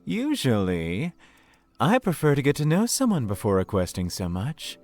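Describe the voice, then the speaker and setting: A man voicing a polite, flirtatious male town official in a video game, smooth and persuasive. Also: medium pitch, huge pitch swings, normal speed, darkish tone, soft background music. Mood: courteous.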